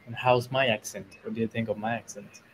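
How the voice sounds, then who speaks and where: A man's voice: lowish voice, little pitch movement, a little fast, slight background noise, rough recording. Curious man asking short questions. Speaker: English learner. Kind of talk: casual video-call conversation.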